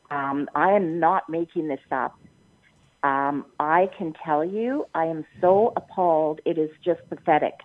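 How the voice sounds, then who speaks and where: Upset older woman on a tinny phone line. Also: on the low side. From Canada. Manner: long-winded, indignant, circling back and repeating herself. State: upset, near tears. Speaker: prank call target. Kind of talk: phone complaint.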